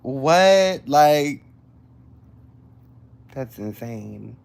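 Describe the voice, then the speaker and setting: A woman, hosting a casual livestream and chatting excitedly with viewers. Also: very deep voice, very slow, creaky, slight background noise. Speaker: livestream host.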